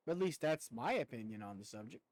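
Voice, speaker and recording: A man's voice: medium pitch, expressive, brisk, no echo, rough recording. A young man with a slight rural Southern twang, chatting casually with viewers while he plays a game, rambling and swearing now and then. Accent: rural American Southern twang. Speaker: streamer.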